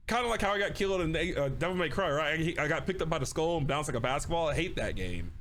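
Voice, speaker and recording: A man's voice: on the high side, animated, fast, hardly any pauses, a bit bright, a little hiss or hum. Joking male game streamer. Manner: joking, laughs a lot, rambling. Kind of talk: casual let's-play commentary.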